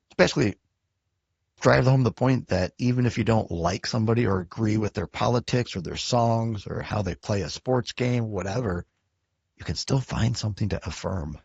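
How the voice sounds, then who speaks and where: A low, husky-voiced man hosts a podcast in a loose, chatty way, full of fillers. The recording is dry and a bit dull, like lo-fi remote audio. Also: fairly quick, no echo. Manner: relaxed, chatty, lots of fillers. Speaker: podcast host. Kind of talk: casual interview chat.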